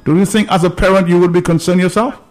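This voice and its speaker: A man's voice: sits high, steady tone, fast. A man hosting a call-in radio talk show, firm and repeating words to press his point. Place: radio studio.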